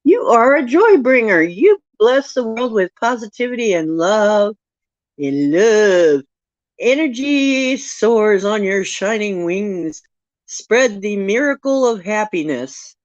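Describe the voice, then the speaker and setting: A woman with a mid-range, expressive voice hosts a casual live stream, reading oracle cards aloud slowly and laughing at herself in a playful way. There's no echo, though the recording is dull and lo-fi.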